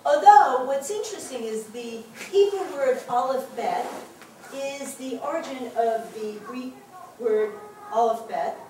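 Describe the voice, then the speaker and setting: A woman's voice: high-pitched, lively intonation, measured pace, mellow, a little hiss or hum. A woman teaching a Hebrew reading class, upbeat and laughing often. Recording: echoey classroom from far off. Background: class of adult learners.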